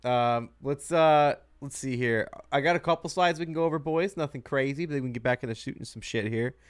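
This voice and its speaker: Smooth-voiced man hosting casual sports chat. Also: medium pitch, brisk, dry recording, studio quality. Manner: laid-back, laughs easily. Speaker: podcast host.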